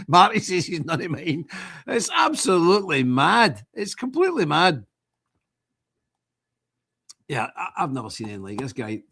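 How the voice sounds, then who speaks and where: A man's voice: on the high side, normal speed, breathy edge. A middle-aged man, hosting a live stream with scornful, impassioned commentary. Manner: scornful, ranting, animated.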